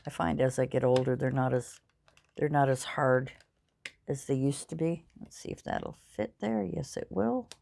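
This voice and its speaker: An older woman who hosts a crafting channel chats casually as she works, rambling, poking fun at herself and using lots of fillers. Her voice is very deep with vocal fry and a darkish tone, at a normal speed.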